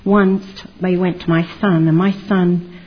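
Low husky older woman, lo-fi. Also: little pitch movement, unhurried. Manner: candid, rambling storytelling with restarts. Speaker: former Jehovah's Witness giving testimony. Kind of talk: personal testimony. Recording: dull lo-fi recording.

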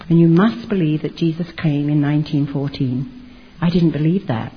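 An older woman tells her story in a candid, rambling way, circling back and restarting her thoughts. Her voice sits low and a little husky. The recording sounds dull and lo-fi. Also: steady tone, moderate pace. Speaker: former Jehovah's Witness giving testimony. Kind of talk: personal testimony.

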